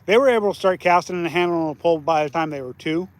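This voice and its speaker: A high-pitched man in his forties chats easily while he fishes outdoors, hosting a live stream for his viewers. He laughs a lot and cheers loudly when something bites. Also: fast. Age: 40s. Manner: laughs often, gets loud and excited when a fish bites. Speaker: fishing channel host. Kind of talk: casual live-stream chat while fishing. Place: outdoors by the water.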